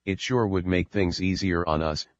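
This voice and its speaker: A bickering young woman from a storybook, jealous and defensive, as a man reads her in his own deep voice. The recording is dull and dry, with no room sound. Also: normal speed, no echo, lightly acted. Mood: worried. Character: young woman, first wife, jealous and quarrelsome.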